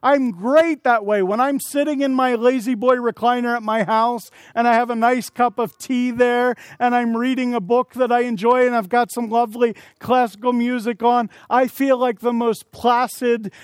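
A man preaching an evening sermon, telling stories and acting out quotes in a lively, animated way. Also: very high voice, normal speed, few pauses, dry recording. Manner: storytelling with acted-out quotes and shouted asides.

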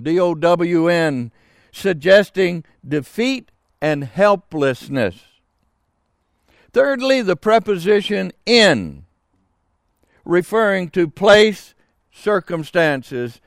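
An older man preaching a sermon, slow and emphatic with dramatic pauses. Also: high voice, very animated, dry recording, studio quality.

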